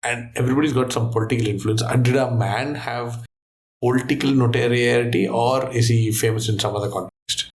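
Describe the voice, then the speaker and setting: A man guesting on a quiz show who thinks aloud and tells stories in an animated, casual way. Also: mid-range voice, fairly quick.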